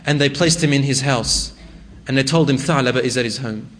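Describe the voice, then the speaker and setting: A man's voice: mid-range voice, brisk. A man preaching a sermon, telling a story with emotion and acting out the voices in it. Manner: emotive, acts out quoted voices with rising intensity.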